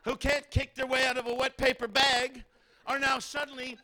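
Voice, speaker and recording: A man preaching a sermon, telling a story dramatically and acting out the people in it, sometimes shouting. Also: extremely high pitch, flat delivery, moderate pace. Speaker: pastor.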